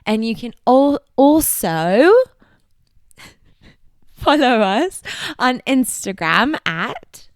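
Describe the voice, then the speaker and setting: A woman's voice: fairly high pitch, big pitch swings, drawn-out words, long pauses, no room sound, studio quality. A woman co-hosting a podcast in casual chat, playful and giggly, coaching her friend. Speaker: podcast co-host.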